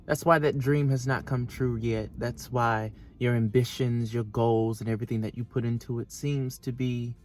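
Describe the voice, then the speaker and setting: A man's voice: medium pitch, steady tone, normal speed, hardly any pauses, darkish tone, soft background music. Young man giving a bold motivational vlog talk. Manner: bold, challenging, addresses the viewer directly. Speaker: vlog host. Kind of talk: direct-to-camera motivational talk.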